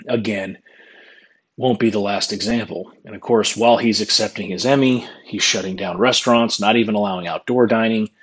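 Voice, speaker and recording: A man's voice: on the low side, breathy edge, poor audio. A man giving a political opinion monologue, scornful and mocking as he rants. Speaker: political commentator.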